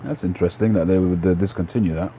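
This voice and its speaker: Low-pitched and talking quickly, this middle-aged Cockney livestream host from London fields viewer questions casually. He rambles, ums a lot and keeps correcting himself, and a little hiss or hum sits under the audio.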